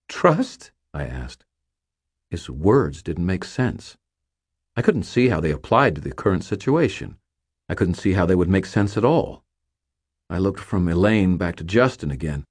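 Deep, husky male audiobook narrator. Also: no echo, studio quality.

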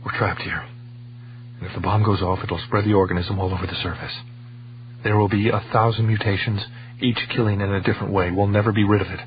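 A grave, clipped male scientist, read by a man speaks low and grimly. The recording is dull and lo-fi, and a faint hum runs through it. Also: fairly even intonation, a little fast, lightly acted. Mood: tense.

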